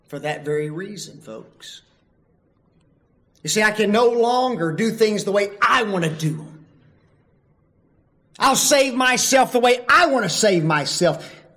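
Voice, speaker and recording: A man preaching a sermon, emphatic and full of rhetorical questions, swinging from loud calls to hushed asides. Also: high-pitched.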